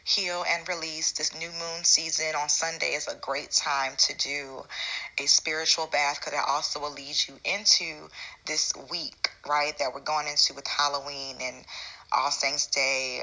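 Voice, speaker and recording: A woman's voice: sits low, creaky, pushed and bright, poor audio. A woman hosting her spiritual channel, talking casually and rambling a little, with fillers and restarts. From United States. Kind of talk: casual spiritual vlog talk.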